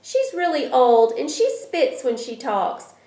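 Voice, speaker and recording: A woman's voice: high-pitched, big pitch swings, takes it slowly, mellow, pitched above the performer's own voice, exaggerated voice. A woman voicing a frightened young boy in a storybook read aloud. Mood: scared. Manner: nervous, talkative. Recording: roomy echo.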